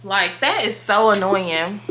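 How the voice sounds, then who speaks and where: A young woman, chatting loudly and profanely to her viewers in a casual vlog. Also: medium pitch, slow pace, slight background noise. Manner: profane, loud and excitable, talks to viewers as y'all. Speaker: vlogger.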